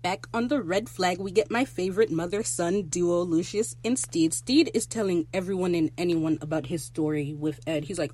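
Recap host: excitable, profane, wandering asides, casual delivery. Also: medium pitch, normal speed, few pauses.

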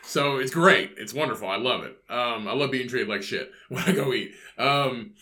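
Bright-voiced man in casual podcast chat. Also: mid-range voice, normal speed. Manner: crude, joking, rambling. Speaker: podcast co-host.

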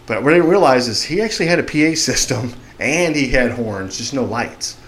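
Animated man telling a story. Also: medium pitch, brisk. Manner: animated, acts out shouting voices in his story. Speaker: podcast guest telling a story. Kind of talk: casual storytelling.

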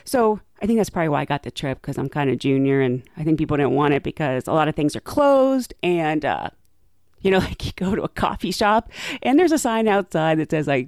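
A woman's voice: very animated, a little fast, a little mellow, no echo. Young flight attendant woman rambling, laughs a lot, bouncy voice, dry mic. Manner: chatty, laughing, acts out quotes in a higher voice. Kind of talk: casual storytelling monologue.

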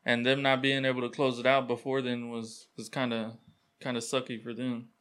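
A man's voice: medium pitch, level tone, normal speed, fairly bright tone, clean tone. A man co-hosting a casual sports chat, talking loosely with slang and restarts. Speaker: podcast co-host.

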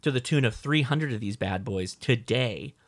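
A man's voice: mid-range voice, expressive, moderate pace, dry recording, clean studio sound. A man hosting a casual podcast, joking around and reading listener mail aloud. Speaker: podcast host. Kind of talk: casual chat.

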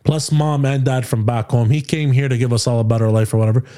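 Young man, from Canada, podcast host, quick talker, dark warm voice, animated stories. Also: medium pitch. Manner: animated, slangy, tells stories with quoted dialogue. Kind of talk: casual storytelling chat.

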